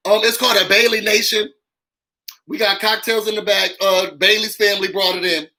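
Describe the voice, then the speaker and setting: Brisk, bright, and pushed, his high voice barely shifts in pitch, captured on a low-quality recording. The man is doing casual live recap commentary on reality TV, talking with sass, drama, and slang while repeating lines to stress them.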